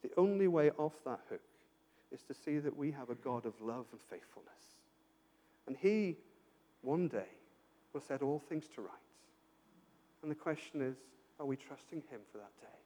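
A man's voice: medium pitch, expressive, normal speed, pauses often, mellow. A man preaching a sermon, earnest and pastoral, asking his listeners rhetorical questions and often repeating himself as he builds a point. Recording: long hall reverb.

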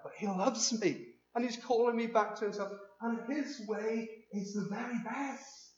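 Animated man preaching in an echoey hall. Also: high-pitched, moderate pace. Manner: animated, emphatic, acts out quoted voices. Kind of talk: sermon. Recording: echoey room, dull sound.

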